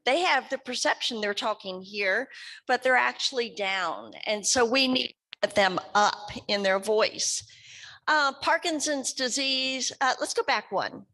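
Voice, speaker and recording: A woman's voice: a little high, a little slow, pushed and bright. A woman from West Kentucky, a speech therapist giving an educational talk to a support group in a conversational way, often asking the audience questions. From West Kentucky, USA.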